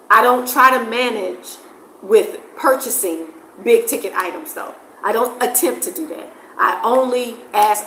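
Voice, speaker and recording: A woman from the States talks casually and expressively to her viewers, laughing easily. Her voice sits a little high. The room rings with echo, and a faint hiss runs underneath. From United States. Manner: expressive, animated, laughs often. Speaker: vlogger. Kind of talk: casual talk to camera.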